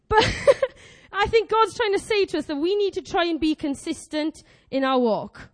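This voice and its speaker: Young female preacher, twenties, very high voice, animated and exclamatory delivery. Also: measured pace. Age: 20s. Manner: animated, exclamatory, acts out quoted prayers. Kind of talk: lively sermon.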